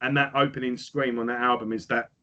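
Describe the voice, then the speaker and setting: A man with a bright, forceful voice co-hosts a relaxed music podcast. He tells stories with lively energy and drops swear words freely. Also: medium pitch, fast talker, muffled recording. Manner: animated storyteller who swears freely. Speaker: podcast co-host. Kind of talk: casual chat about music.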